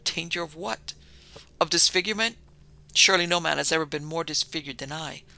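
Man reading sinister disfigured nobleman, audiobook villain, gravelly, sharp tone, coldly polite. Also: on the high side, heavily acted. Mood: menacing. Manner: measured, coldly polite menace. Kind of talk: audiobook narration.

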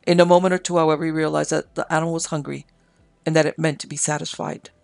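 A man reading history and a story aloud in a slow, measured way. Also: a little high, little pitch movement, gravelly, no room sound. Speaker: audiobook narrator. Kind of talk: scripted narration of history and story.

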